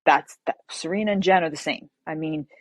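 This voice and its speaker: Woman novelist guest, low voice, animated, dry recording. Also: a little fast, no room sound. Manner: animated storyteller, acts out quotes. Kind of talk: casual interview chat.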